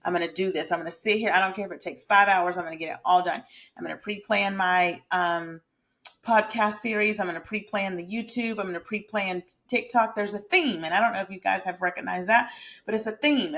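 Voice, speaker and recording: A woman's voice: medium pitch, fairly bright tone. Chatty motivational woman vlogger. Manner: chatty, emphatic and motivational, talks straight to viewers. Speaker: lifestyle and mindset creator; hairstylist. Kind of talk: casual direct-to-camera talk.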